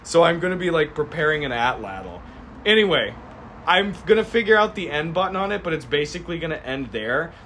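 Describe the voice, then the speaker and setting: Young man, casual streamer chat, animated, faint background hiss. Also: fairly high pitch. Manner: animated, acts out both sides of the scene in quick voices. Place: garage.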